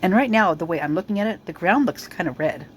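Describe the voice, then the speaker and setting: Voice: medium pitch, animated, quick pace, slight background noise, poor audio. Rambling, suspicious video commentator. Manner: rambling, full of fillers and restarts; suspicious, speculative. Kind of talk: casual commentary over news footage.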